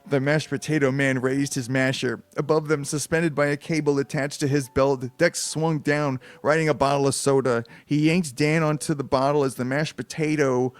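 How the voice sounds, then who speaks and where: A man's voice: mid-range voice, flat delivery, moderate pace, few pauses, no echo. A man casually reading a novelization aloud on a live stream, with chatty asides. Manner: loose, chatty asides and restarts.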